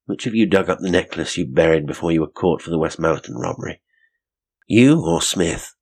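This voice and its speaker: A self-assured young detective from an old mystery, quiet but commanding, quick with a dry remark, as a narrator puts him on. The voice is low and husky. He talks briskly and in control. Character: cool, confident young male detective.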